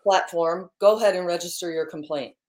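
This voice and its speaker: A woman co-hosts a morning live stream, bubbly and chatty, laughing often as she talks into a laptop microphone. Her voice is on the low side with a darkish tone and a slightly fast pace, in casual live-stream chat.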